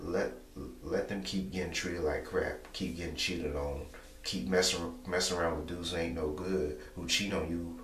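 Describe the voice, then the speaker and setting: A young man talking casually to camera, repeating himself and filling pauses with "you know". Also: deep voice, fairly bright tone. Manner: repetitive, rambling, many "you know" fillers. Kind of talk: casual monologue vlog. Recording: echoey room, distant mic, faint hum.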